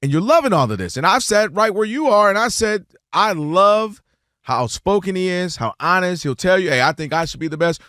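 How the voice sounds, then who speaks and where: Male sports talk host, high lively voice, dry close sound, acts out quotes, repeats himself when fired up. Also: fairly quick, no echo. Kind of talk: animated sports debate.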